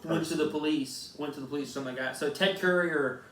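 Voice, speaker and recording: A man's voice: fairly high pitch, quick pace. A young man, a podcast co-host, telling a long casual story with lots of swearing and rambling restarts. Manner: rambling, profane, animated storyteller. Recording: echoey room, mic at a distance.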